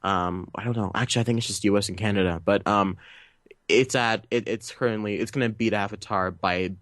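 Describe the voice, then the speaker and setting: A young male podcast host chatting about movies, his low voice recorded dry and close. He rambles, restarts sentences and drops jokey asides. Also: fairly even intonation, a little fast, a bit bright, no room sound. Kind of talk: casual chat.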